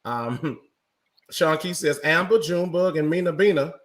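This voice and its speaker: A man's voice: fairly high pitch, measured pace. A man with a Southern accent co-hosting a morning radio show, teasing and reading out viewer comments. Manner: animated, reads chat comments, teasing. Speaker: co-host. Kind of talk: casual radio chat.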